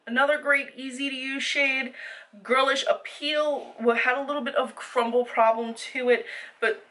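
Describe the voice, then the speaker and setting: A woman's voice: on the high side, sharp tone, far from the mic, poor audio. A woman giving a chatty, detailed makeup haul review, with fillers as she goes. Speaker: beauty vlogger.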